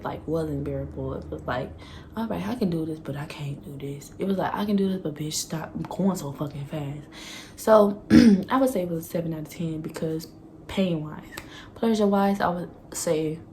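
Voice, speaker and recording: A woman's voice: fairly low pitch, warm tone, a little hiss or hum. Profane, candid young woman vlogger. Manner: candid and profane, laughing often, acting out her past self. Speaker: vlogger telling a story. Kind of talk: casual storytime.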